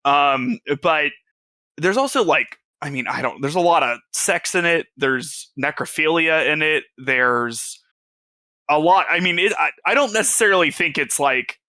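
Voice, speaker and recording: Casting: bright, slightly high male podcast co-host, hesitant filler-heavy chat, dry sound. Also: lively intonation, unhurried, no echo. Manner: laughing often, hesitant with many fillers. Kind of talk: casual chat.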